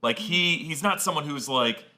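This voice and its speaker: A man's voice: on the high side, normal speed, bright, forceful tone. A man co-hosting a podcast, talking through ideas in a rambling, thoughtful way with many fillers. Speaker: podcast co-host. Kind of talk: casual chat.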